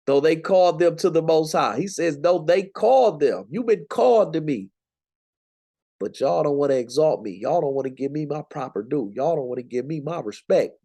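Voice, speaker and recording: A young American man teaches scripture as a Bible teacher, speaking in a fairly high, warm voice. His manner is conversational and preachy, casual, slangy and emphatic.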